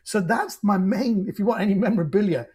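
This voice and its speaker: Husky man telling stories. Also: sits high, brisk. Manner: animated, stumbling restarts. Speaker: guest. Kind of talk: casual storytelling.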